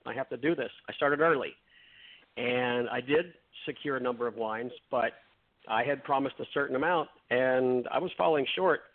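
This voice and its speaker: A man guest on a radio show, telling a long story and acting out the dialogue, with frequent restarts. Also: medium pitch. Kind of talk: storytelling in conversation. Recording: phone-like narrow sound.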